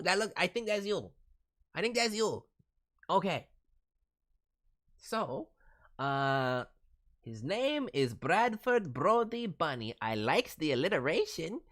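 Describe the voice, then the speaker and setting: A slow, rambling, playful man streaming. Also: on the high side, a bit bright. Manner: playful, rambling, quirky grammar. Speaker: voice director streamer. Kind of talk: live stream chat, voicing viewers' characters.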